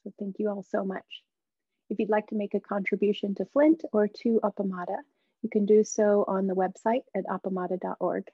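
A woman's voice: mid-range voice, flat delivery, a little fast, breathy edge, no room sound, highs cut off. A woman giving friendly closing announcements and thanks.

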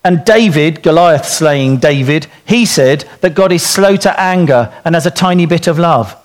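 A middle-aged man giving an informal sermon to dads, telling stories in an animated way and acting out the quotes. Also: a little high, normal speed, few pauses. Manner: animated storytelling, acts out quotes. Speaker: speaker at a church talk for dads.

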